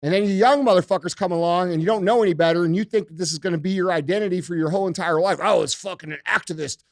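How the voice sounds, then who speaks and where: A man's voice: high voice, rapid-fire, darkish tone, dry recording, clean studio sound. A man hosting a podcast, ranting emphatically and heatedly with heavy profanity. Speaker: podcast host. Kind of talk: casual podcast rant.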